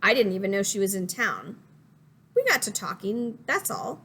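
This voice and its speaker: A woman's voice: mid-range voice, big pitch swings, normal speed, a bit bright, breathy edge, exaggerated voice. A woman voicing a blunt, smoke-weary woman. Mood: defensive. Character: weary chain-smoking woman, defensive and blunt.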